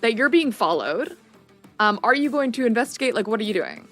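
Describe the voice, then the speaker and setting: A woman narrating a tabletop game as game master, playful and halting, with many fillers. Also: a little high, sing-song, a bit bright, faint music behind.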